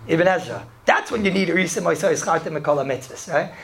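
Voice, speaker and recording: A man, a rabbi, giving a casual Torah lesson to students. He tells animated stories, often laughs, and mixes in Hebrew and Yiddish terms. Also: a little high, a little fast, gravelly, hardly any pauses, slight background noise.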